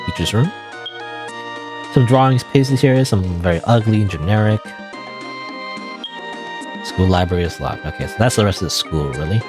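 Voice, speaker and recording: A man's voice: lowish voice, normal speed, long pauses, over music. Rambling male game streamer. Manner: rambling, self-deprecating, chuckling. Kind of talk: game playthrough commentary.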